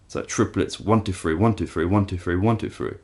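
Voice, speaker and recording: Low-voiced guitar teacher counting strums. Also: male voice, fairly quick. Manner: explains step by step, counts strums aloud. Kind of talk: guitar lesson. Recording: loud guitar playing behind.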